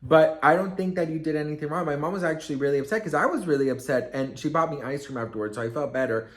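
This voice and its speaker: A man telling a story casually to camera, chatty and expressive, acting out quotes with lots of fillers. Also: a little high, fast. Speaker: vlogger and storyteller.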